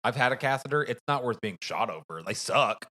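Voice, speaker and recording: Brief: male podcast co-host, mid pitch, animated storyteller. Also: brisk. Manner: animated storyteller, acts out voices. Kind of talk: casual movie review chat.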